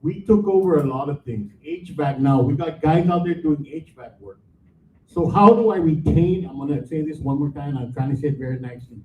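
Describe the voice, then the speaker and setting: A man's voice: on the high side, slight background noise. A man, a division manager speaking bluntly and with frustration during public comment at a board meeting. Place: meeting hall. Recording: echoey room, far from mic, tinny.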